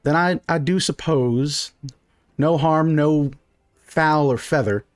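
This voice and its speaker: A man's voice: on the high side, slow pace, no room sound, studio quality. A man playing a bossy, folksy middle-aged mother. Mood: stern. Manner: bossy, folksy drawl, fussy scolding. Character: stern middle-aged townswoman, sharp-tongued mother.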